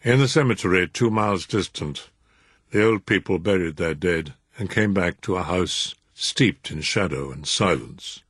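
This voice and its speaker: A man narrating a story in an expressive, measured reading. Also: low-pitched, breathy edge, no room sound. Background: music.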